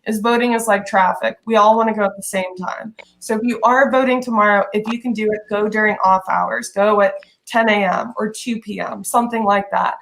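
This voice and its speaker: A woman talking casually on a podcast, chatty and quick to laugh. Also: mid-range voice, steady tone, vocal fry, a bit bright. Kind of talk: casual chat.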